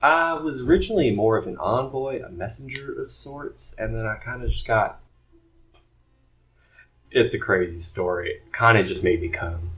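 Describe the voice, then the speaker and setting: A man's voice: mid-range voice, animated, normal speed, fairly bright tone, rough recording. Playful man improvising in character. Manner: playful, flirty in-character banter. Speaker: player. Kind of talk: improvised tabletop role-play. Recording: faint music behind.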